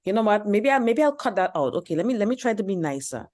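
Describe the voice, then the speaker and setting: A woman's voice: mid-range voice, sing-song, fast talker, hardly any pauses, darkish tone. A woman hosting a dating advice channel, speaking bluntly and preachily and repeating her points. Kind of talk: commentary on a reaction video.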